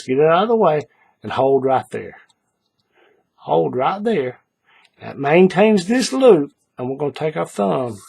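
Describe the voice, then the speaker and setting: A man calmly talking through a paracord bracelet tutorial step by step, patient and repetitive, often checking in with the viewer. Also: on the high side, creaky, slightly rough. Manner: patient, repeats steps, checks in with "all right?". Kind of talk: hands-on craft tutorial.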